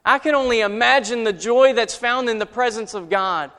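A preacher with a very high voice tells a parable in a sermon, and his words ring out with a long reverb as if in a large hall. He shifts from rising energy to hushed, tender passages as he tells the story. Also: moderate pace, smooth. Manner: storytelling, builds intensity, drops to quiet for emotion. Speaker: pastor.

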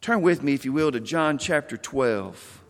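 A man preaching a sermon, expressive, acting out the quoted lines of the people in the passage. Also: medium pitch, moderate pace. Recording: long hall reverb.

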